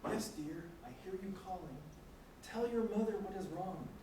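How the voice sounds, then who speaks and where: A man reading the lines of an elderly woman who hears spirit voices, in a soft, wistful manner. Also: high-pitched, normal speed, a little hiss or hum, pitched above the performer's own voice, close to an everyday voice. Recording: echoey room, distant mic.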